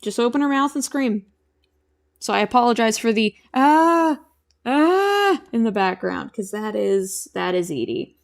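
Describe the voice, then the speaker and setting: Give me a young woman live-streaming from home, talking in a relaxed, meandering way while she draws and reads her chat aloud. Her voice sits at a middling pitch with a noticeable gravelly fry running through it. She sounds like an animator chatting casually with viewers. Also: moderate pace. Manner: chatty, rambling, answers chat while drawing.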